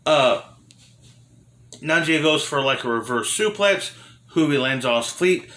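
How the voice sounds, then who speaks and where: A man's voice: on the high side, expressive, a little slow, bright, forceful tone, reverberant. Rambling man reviewing old wrestling. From Florida. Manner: rambling, many fillers and restarts, frank. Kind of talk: casual review monologue.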